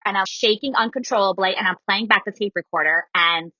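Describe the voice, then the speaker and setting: A woman in her thirties tells a personal story in a casual podcast chat. Her voice is bright and clear, and she acts out the lines of the people in it. The sound is dry and a little dull. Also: mid-range voice, brisk, dry recording. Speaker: guest storyteller.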